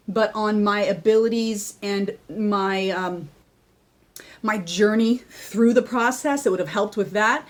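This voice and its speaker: A woman talking casually to the camera, excitable and candid, often laughing as she tells her story. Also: medium pitch. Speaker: vlogger sharing her personal story.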